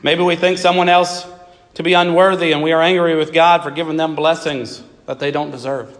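A man preaching a sermon in a slightly higher-pitched voice, stacking short emphatic phrases and reading scripture aloud. His voice carries a long reverb, as in a large church sanctuary. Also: little pitch movement, brisk, fairly bright tone. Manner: reads scripture aloud and voices Jonah's complaints in plain speech.

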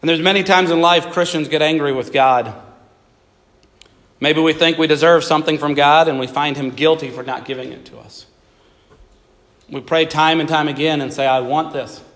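In a large hall with long reverb, a man with a slightly high, fairly bright voice delivers a sermon at normal speed, his intonation fairly even and his pauses long. Reading scripture aloud, he gives voice to Jonah's complaints in plain speech and stacks up emphatic lists of short phrases.

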